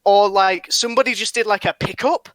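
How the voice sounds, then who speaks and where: A man's voice: high-pitched, a little fast, fairly bright tone, no room sound. A young man chatting casually on a podcast, rambling with lots of fillers, restarts and swearing. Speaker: podcast host.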